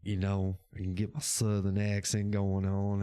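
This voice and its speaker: A man's voice: on the low side, monotone, measured pace, hardly any pauses, mellow, clean tone. A man hosting a casual livestream show, chatting with his chat in a laid-back, rambling way, swearing now and then and laughing often. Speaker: podcast host reading live chat.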